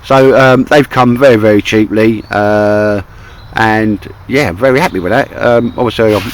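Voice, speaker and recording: Out in a wet wood, a man with a lowish voice and a normal speaking speed vlogs to camera in a Cockney accent. He rambles along in a chummy way, constantly calling his mate "mate." Slight background noise is audible, and the audio is poor.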